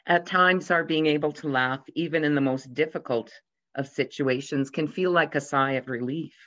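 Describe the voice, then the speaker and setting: Speaking at normal speed with a medium pitch, a pastor preaches in church and shares lighthearted anecdotes in a gentle storytelling way. He briefly raises his voice to bring quoted characters to life. Audio is lo-fi and dull.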